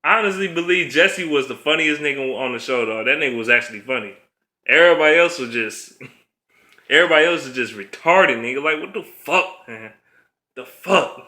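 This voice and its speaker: Man vlogger, profane casual rant, bright edgy voice, roomy echo. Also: medium pitch, brisk. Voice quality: blunt, profane, laughs often.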